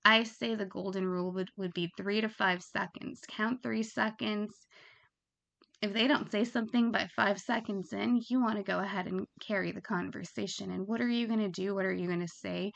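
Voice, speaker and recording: A woman gives casual, frank instruction in a chatty way, laughing at her own examples. Her voice has a gravelly edge. The recording sounds dull and lo-fi. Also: medium pitch, fairly even intonation, moderate pace, fairly bright tone. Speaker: phone sex operator coach.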